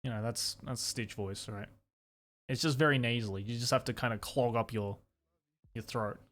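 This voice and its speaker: A man's voice: medium pitch, steady tone, normal speed, fairly bright tone. A man chatting casually with his stream audience, often laughing and trailing off with fillers. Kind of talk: casual chat.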